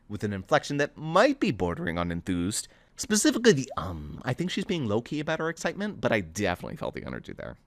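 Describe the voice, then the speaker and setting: A man reading his own novel aloud in the first person, animated and excitable as he rambles on. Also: lowish voice, no echo. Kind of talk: first-person story narration.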